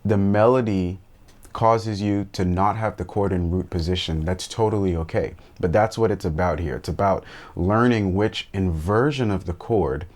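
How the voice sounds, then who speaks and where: A man's voice: deep voice, moderate pace, a little mellow. A man teaching a piano lesson for worship musicians, explaining steps and counting beats aloud as he plays, talking straight to viewers in a friendly way. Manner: friendly direct address to viewers. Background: piano playing.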